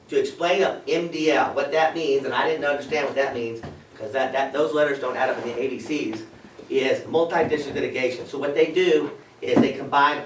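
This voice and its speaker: A man, a lawyer talking informally to a meeting of farmers in a folksy way, often asking "okay?", with a dry throat and a voice going hoarse. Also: medium pitch, a little hiss or hum. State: losing his voice, dry throat. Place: meeting room with an audience. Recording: echoey room, voice from a distance.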